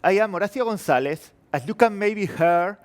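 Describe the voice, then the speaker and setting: A man with a Spanish and French-tinged accent gives a tech conference talk in a fairly high voice. He is chatty and self-deprecating, often restarting a phrase midway. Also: expressive, moderate pace. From Spain. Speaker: conference speaker. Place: conference hall.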